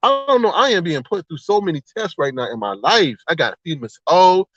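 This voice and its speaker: A man hosting a livestream, chatting casually in a rambling, animated way, exclaiming and laughing often. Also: fairly high pitch, a little fast, no echo. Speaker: livestream host. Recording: slightly dull, dry sound.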